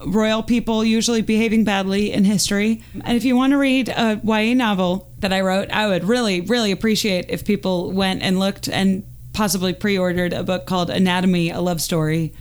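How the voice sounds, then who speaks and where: A woman's voice: mid-range voice, fairly even intonation, fairly quick, hardly any pauses, smooth. A woman guesting on a podcast as an author, talking eagerly and a bit self-deprecatingly. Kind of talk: casual podcast chat.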